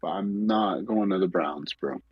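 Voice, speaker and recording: A man's voice: low-pitched, measured pace, husky, no room sound, lo-fi sound. A man co-hosting a sports podcast, talking bluntly and dismissively in casual slang. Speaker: podcast co-host.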